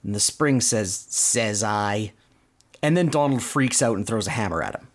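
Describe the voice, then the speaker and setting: A man's voice: mid-range voice, animated, fairly quick, breathy edge. A man hosting a podcast, casually recounting cartoon plots in detail. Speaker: podcast host. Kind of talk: casual cartoon recap chat.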